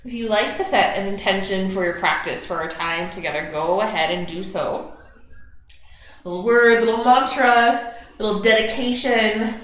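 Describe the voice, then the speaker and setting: A woman leading a gentle yoga class, slowly and softly talking students through breathing and stretches. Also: medium pitch. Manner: soft, slow guiding cues with gentle encouragement. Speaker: yoga instructor. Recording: very echoey room.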